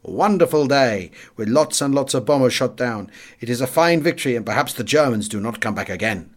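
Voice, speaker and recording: An eager, cheerful Maltese cafe owner, as an audiobook reader puts him on, spilling out his story in broken English. His voice sits at an ordinary middle pitch and leans forward with zest. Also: lively intonation, fairly quick, lightly acted.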